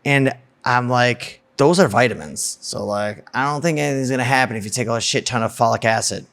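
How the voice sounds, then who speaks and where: A man's voice: mid-range voice, brisk, vocal fry, a bit bright. A man candidly recounting a personal story in a blunt, emotional way, swearing freely. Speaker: guest telling a personal story.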